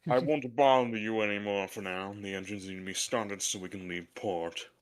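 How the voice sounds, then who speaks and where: A man putting on a gruff older ship captain, speaking in a low, rough drawl like a Western gunslinger. His voice sits deep, with a dry, teasing edge as he reads a game character's lines. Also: fairly even intonation, moderate pace, natural voice. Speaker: co-player voicing a character.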